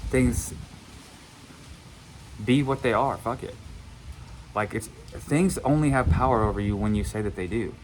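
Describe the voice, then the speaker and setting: A man with a fairly low voice speaks straight to his listeners as a manifestation coach. He is blunt, circles back over the same points and swears casually. A faint hiss sits under the recording. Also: low-quality recording. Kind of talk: casual motivational monologue.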